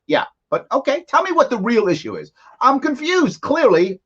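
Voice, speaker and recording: A man's voice: very high-pitched, sing-song, moderate pace, sharp tone, husky, lo-fi sound. A man hosting a live commentary show, mocking and sarcastic as he reacts to a press conference. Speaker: host.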